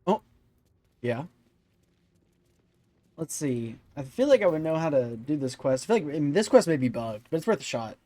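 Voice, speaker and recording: A man's voice: on the high side, sing-song, normal speed, pauses often, warm tone, dry recording. A man hosting a let's-play video, rambling and thinking aloud with many fillers. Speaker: gaming channel host.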